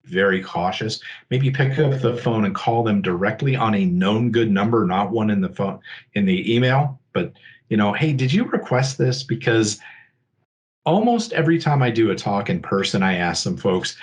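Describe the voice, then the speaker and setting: A man's voice: lowish voice, animated, moderate pace, lo-fi sound. A man presenting a security awareness talk in a conversational, explanatory way, often checking in with his listeners. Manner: acts out scammer and victim lines in a livelier voice.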